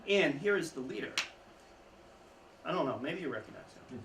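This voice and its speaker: A man in storytelling mode, giving an informal history talk with chuckles and lively emphasis. His voice sits a little high for a man. He is caught from a distance in an echoey room with faint noise behind him. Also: moderate pace. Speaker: history speaker.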